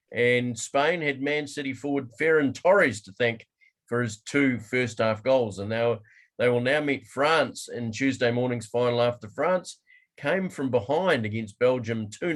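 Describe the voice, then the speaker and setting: A man co-hosting a sports podcast, reading the news steadily with dry jokes. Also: mid-range voice. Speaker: podcast co-host.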